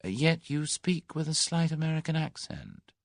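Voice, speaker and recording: A man reading an audiobook voices a smooth, scheming middle-aged businessman, speaking in a suave, persuasive, measured way. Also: on the high side, sing-song, no echo, studio quality, voice pushed up.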